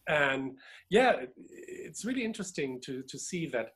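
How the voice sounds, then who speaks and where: A man's voice: fairly high pitch, moderate pace. A middle-aged man from Berlin with a German accent, telling a long anecdote in casual conversation over a video call. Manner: animated, laughs while telling stories. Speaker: DJ and record collector, guest.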